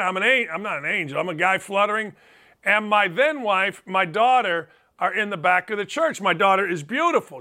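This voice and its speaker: A man in his fifties hosts a sports talk show, delivering an animated monologue, telling stories emphatically and repeating phrases for effect. His voice sits high with a sharp tone.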